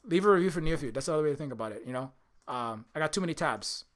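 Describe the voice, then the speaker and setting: Higher-pitched man, indie game dev on stream, loose rambling talk, swears freely. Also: racing. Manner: rambling, animated, profane, many restarts.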